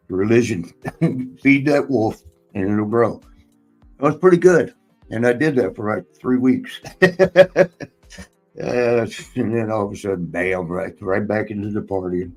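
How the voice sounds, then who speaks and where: A man's voice: medium pitch, measured pace, darkish tone, faint music behind, poor audio. A man hosting a casual chat, telling a long personal story in a rambling way, swearing often and laughing between lines. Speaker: podcast host and former wrestler.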